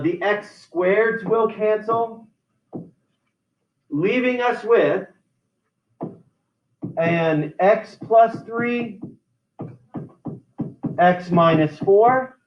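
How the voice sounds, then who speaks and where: High-voiced man teaching algebra in a classroom. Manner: explains step by step, with many restarts. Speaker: math teacher. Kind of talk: classroom lecture. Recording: roomy, distant, dull lo-fi sound.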